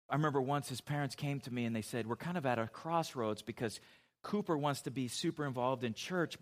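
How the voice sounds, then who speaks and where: Conversational middle-aged male pastor. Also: medium pitch. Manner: conversational storytelling with frequent restarts and asides. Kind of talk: sermon.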